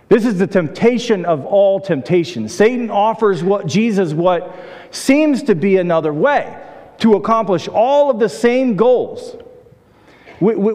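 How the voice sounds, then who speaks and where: A man's voice: sits high, darkish tone. Man preaching a sermon in an echoing hall. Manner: conversational storytelling preacher with repeated restarts. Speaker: pastor.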